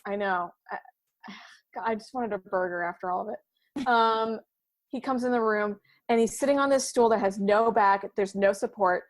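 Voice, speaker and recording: A woman's voice: mid-range voice, normal speed, no room sound. A woman, a podcast guest, telling a funny personal story in casual chat and acting out her own thoughts as quoted asides.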